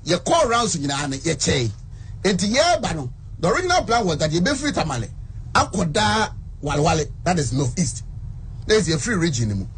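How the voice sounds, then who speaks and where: In an interview clip, a man with a Ghanaian accent narrates events step by step in plain fashion, moving between Twi and English. His voice is a little high, very animated and fairly quick, with slight hiss or hum in the audio.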